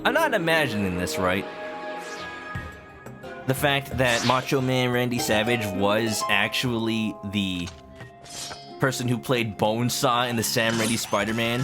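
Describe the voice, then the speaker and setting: A man's voice: mid-range voice, measured pace, pauses often. A man streaming a video game, chatting casually and explaining things to his viewers as he plays. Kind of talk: casual live-stream commentary. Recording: game music underneath.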